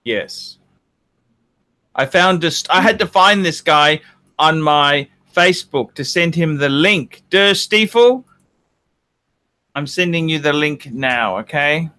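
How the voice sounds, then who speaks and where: A man's voice: a little high, takes it slowly, pauses often, sharp tone. A man co-hosting a casual livestream, with stammering restarts and joking banter. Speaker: co-host of a watch livestream.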